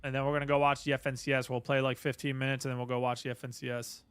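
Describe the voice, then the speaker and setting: A man's voice: medium pitch, flat delivery, rapid-fire, a bit bright, clean tone. A man streaming a game live, chatting casually and greeting viewers by name, with faint music behind.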